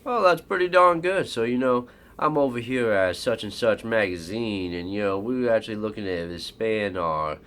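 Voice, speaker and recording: A man's voice: moderate pace, fairly bright tone, smooth, close to an everyday voice. A man putting on a chummy Southern salesman drawl. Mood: folksy. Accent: thick Southern. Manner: chummy, overfriendly sales pitch. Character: folksy Southern-drawling adult male salesman on a cold call.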